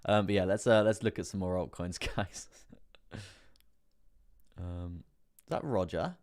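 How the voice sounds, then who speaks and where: This crypto livestream host has a low, slightly mellow voice, speaking a little slowly and pausing often. He chats casually over price charts, laughing frequently and repeating himself.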